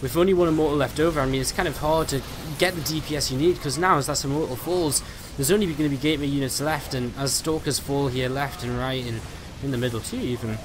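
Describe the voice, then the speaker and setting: A man casting a live strategy game match, giving rapid play-by-play full of "uh" and "I mean" fillers. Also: mid-range voice, noisy background. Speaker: esports caster.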